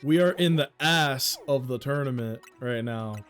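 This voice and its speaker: With a medium-pitched, fairly bright, smooth voice, a man speaks a bit slowly while faint music plays behind him. He chats casually with friends during a game stream, cracking jokes with lots of swearing and riffing on the in-game dialogue.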